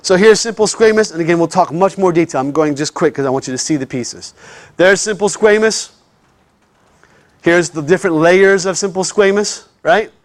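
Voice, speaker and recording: A man's voice: high voice, moderate pace, dry recording. A man teaching a classroom lecture in a chatty way, often checking in with his students.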